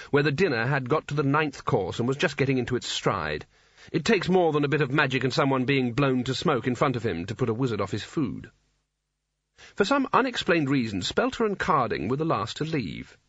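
A man narrating a fantasy audiobook in a wry, measured storytelling manner. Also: medium pitch, very animated, a bit bright, slightly rough, no echo. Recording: dry, dull muffled recording.

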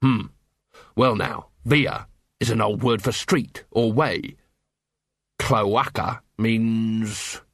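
A man's voice: lowish voice, dry recording, clean studio sound, exaggerated voice. A man voicing a curious male dwarf who thinks things through aloud, read as an audiobook character. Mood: reasoning. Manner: quick-thinking, explaining, reasoning aloud.

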